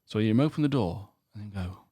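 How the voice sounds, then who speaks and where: A man, co-hosting a goalkeeper podcast and telling an animated night-out story with lots of acted quotes. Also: on the low side, fast, breathy edge, no room sound, clean studio sound. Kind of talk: casual chat, telling a story.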